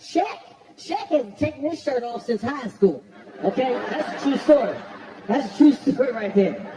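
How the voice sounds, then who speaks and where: A man doing a stand-up roast, brash and profane, shouting his punchlines. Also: very high-pitched, sing-song, moderate pace. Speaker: comedian at a roast. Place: stage before a live audience. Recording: roomy venue with crowd laughter.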